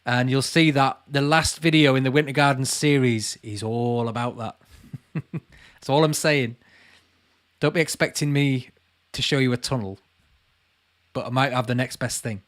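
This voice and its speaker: A Lancashire man in his late thirties hosts a channel livestream, casually reading viewer comments aloud and calling people mate. His voice sits at medium pitch with fairly even intonation and a normal speed.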